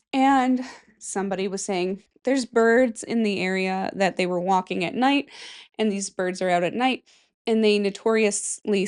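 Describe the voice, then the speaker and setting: A woman in her thirties hosting a casual solo podcast, rambling and chatty and swearing freely. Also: medium pitch. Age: 30s. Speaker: podcast host.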